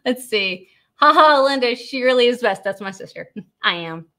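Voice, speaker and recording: A woman's voice: on the high side, expressive, moderate pace, fairly bright tone. A young woman hosting a live product stream, chatting casually, reading viewer questions aloud and laughing often. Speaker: host of a live product demo.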